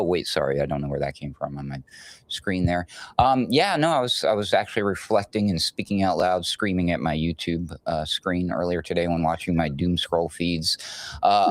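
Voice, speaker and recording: A man's voice: sits low, no echo. A male co-host giving sarcastic, mocking political commentary in a casual chat. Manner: sarcastic, mocking, with put-on voices.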